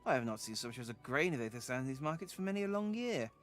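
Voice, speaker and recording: A man voicing a fussy, pompous elderly male parson in a video game, speaking in a long-winded, high, raised voice. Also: sing-song, racing, lightly acted. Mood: haughty.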